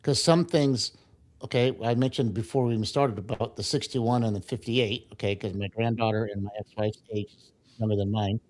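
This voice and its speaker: A man's voice: lowish voice, fairly even intonation, a little fast, darkish tone. An older man co-hosts a laid-back interview podcast. He speaks in a chatty, affirming way, chiming in often and drifting into personal anecdotes. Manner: chatty, interjecting with short agreements. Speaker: podcast co-host. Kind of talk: casual conversational interview.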